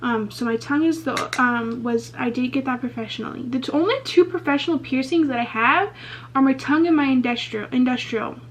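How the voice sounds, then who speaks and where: A young beauty vlogger chats candidly through a casual get-ready-with-me Q&A, swearing freely and filling her speech with "like" and "um". Her voice is high-pitched and brisk, and the slightly muffled lo-fi recording carries a little hiss or hum.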